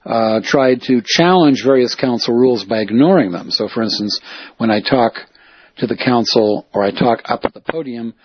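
Male reporter-activist, rambling monologue, husky, dull lo-fi audio. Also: medium pitch, moderate pace. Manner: rambling, digressive, self-correcting. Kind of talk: casual spoken monologue.

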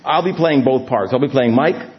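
A man's voice: medium pitch, moderate pace. A man, a singer-songwriter, introducing his comic song in a wry way. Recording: lo-fi recording with loud music.

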